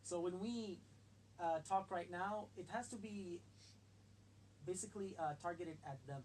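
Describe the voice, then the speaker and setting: Measured man on a radio panel. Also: high voice, darkish tone, a little hiss or hum, low-quality recording. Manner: measured and careful, hedging with fillers. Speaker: radio talk show panelist. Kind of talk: discussion on a talk show. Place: radio studio.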